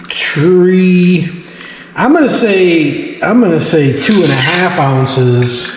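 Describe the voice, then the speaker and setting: A man casually chatting and joking to himself while he makes a smoked cocktail at home. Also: fairly high pitch. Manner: chatty, jokey, talks to himself while working. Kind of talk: casual talk while demonstrating. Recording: echoey room audio with long reverb and faint hiss.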